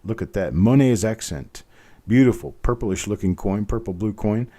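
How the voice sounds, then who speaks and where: Middle-aged male auctioneer host, low mellow voice, easygoing jokes, steady bid calling. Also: moderate pace. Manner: joking, patient, repeats bids in a steady calling rhythm. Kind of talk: live online coin auction, chatty.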